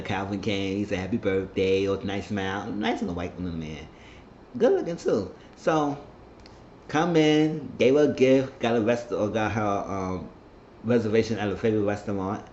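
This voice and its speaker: A man's voice: fairly low pitch, a little mellow, slight background noise. A man casually recapping a TV episode, rambling with loose slang and some profanity. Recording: roomy, slightly muffled home recording.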